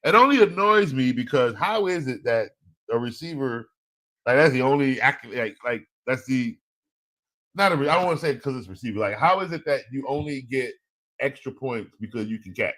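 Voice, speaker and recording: A man's voice: medium pitch, moderate pace. A man hosting a fantasy football show, talking casually, joking and laughing, with slang. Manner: animated, joking, laughs often, speaks in slang. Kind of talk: casual live-stream talk.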